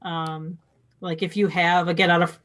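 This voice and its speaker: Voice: mid-range voice, level tone, moderate pace, fairly bright tone. A podcast co-host adding a casual aside. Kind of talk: conversational interview.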